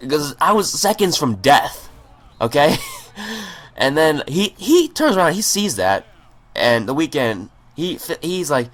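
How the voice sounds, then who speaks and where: A man's voice: fairly high pitch, big pitch swings, slow. A man telling a story in a rambling, profane way over gameplay, stammering and restarting his sentences. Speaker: gaming channel host.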